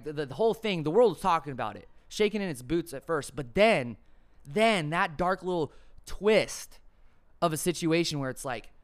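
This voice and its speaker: A man with a smooth, clear voice at an ordinary middle pitch, talking casually on his podcast. He spins a rambling story full of swearing and jokes. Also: fairly bright tone. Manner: profane, rambling, jokey, acts out quotes. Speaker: podcast host.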